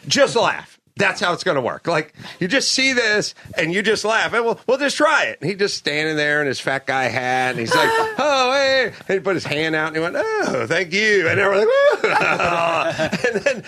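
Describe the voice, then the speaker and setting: A man hosting a podcast, telling a casual story and acting out the people he quotes with lively voices. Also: on the high side, normal speed, hardly any pauses, no echo. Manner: animated, acts out quotes in other voices. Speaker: podcast host. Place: ship cabin.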